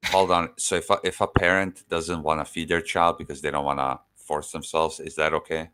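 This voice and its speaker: A man's voice: very deep voice, flat delivery, fairly quick, sharp tone, clear, resonant tone. A man jumping into a heated online debate, crude and interrupting, repeatedly cutting in to hold the floor. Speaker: debate participant.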